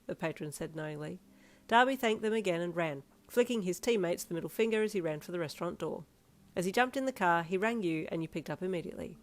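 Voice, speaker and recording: A woman narrating a second-person fan fiction story in a soft, even storytelling manner. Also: low voice, quick pace.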